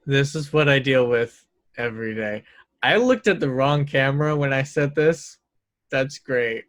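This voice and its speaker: A man as dungeon master, chatting casually and making wry asides. His voice is mid-pitched and sits close and dry, with no room sound. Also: a little slow, a bit bright, dry recording. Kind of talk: casual game table chat.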